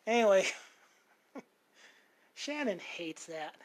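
A podcast co-host with a high voice and lively intonation speaks extremely slowly. He tells a long personal story in casual chat, rambling and profane, restarting many times.

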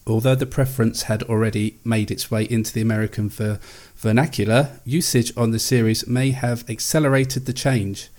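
A man hosting a casual podcast, his voice pitched mid-range. He reads facts aloud in a steady way, then moves into easy chat with his co-hosts. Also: normal speed, few pauses. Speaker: podcast host.

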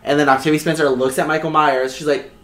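A woman with a low voice co-hosting a podcast, chatting casually and retelling scenes with dramatic flair. Her voice rings in a roomy, echoey space, and she breaks into big laughs. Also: fast talker. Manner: animated, dramatic storytelling with loud laughs. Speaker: podcast co-host. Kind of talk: casual chat.

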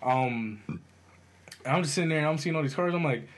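High-voiced young man telling a funny story. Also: fairly quick. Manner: animated storytelling with slang and profanity; laughs often while telling the story. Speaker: storyteller in group chat. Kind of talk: casual chat.

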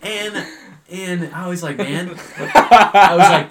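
A man's voice: sits high, lively intonation, slow pace, a crowd in the background. A young man co-hosting a podcast who tells a work story in casual chat, swearing freely and acting out the people he quotes. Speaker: podcast co-host.

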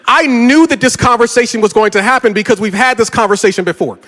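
A middle-aged man, a pastor, preaching a sermon and telling a story with lively, rising energy. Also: a little fast. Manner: animated, gets louder and higher telling a story. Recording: reverberant hall.

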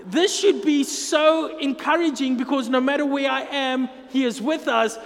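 A man's voice: very high voice, measured pace, vocal fry. A man preaching a sermon as pastor, earnest and emphatic, drawing out key phrases. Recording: long hall reverb.

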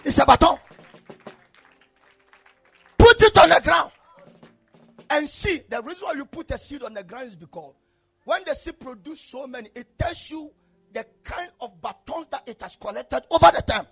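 A male preacher delivering an impassioned sermon, swinging between shouted declarations and low murmurs. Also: animated, normal speed, creaky, faint music behind.

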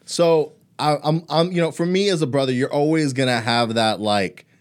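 A man's voice: a little high, normal speed. A man chatting casually on a podcast about his younger brother, rambling and leaning on fillers. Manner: rambling, filler-heavy talk.

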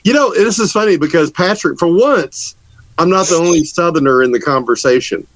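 A man's voice: a little high, expressive, a little fast, a bit bright, no echo, low-quality recording. A man from Georgia, a band musician, chatting casually in an interview and joking with frequent laughs. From Georgia, USA.

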